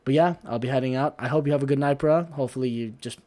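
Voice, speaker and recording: A man streaming, chatting casually, rambling and swearing heavily with quick asides. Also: mid-range voice, a little mellow. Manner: profane, rambling, heavy swearing.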